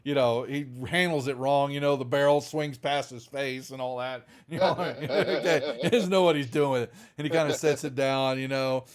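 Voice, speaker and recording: A man's voice: mid-range voice, normal speed, hardly any pauses. A man running a tabletop game as game master, narrating loosely with lots of fillers. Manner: loose, rambling, full of fillers.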